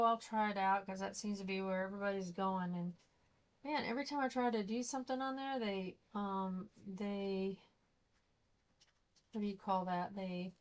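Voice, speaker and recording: A middle-aged woman chatting casually as she works on a craft project, rambling and laughing often. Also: medium pitch. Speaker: craft vlogger.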